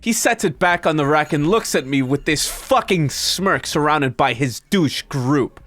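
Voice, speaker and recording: A male streamer reading an internet story aloud to his chat, breaking off into high, disbelieving comments. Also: unhurried, soft background music. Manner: animated, breaks into high-pitched disbelieving asides.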